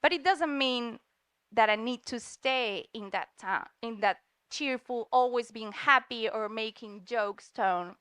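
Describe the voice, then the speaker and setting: A woman's voice: fairly high pitch, measured pace, a bit bright, smooth, dry recording, clean studio sound. A cheerful woman from Spain, a comic artist giving a talk at a university event, laughing often and slipping in words. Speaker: guest speaker, comic artist. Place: lecture room in New York.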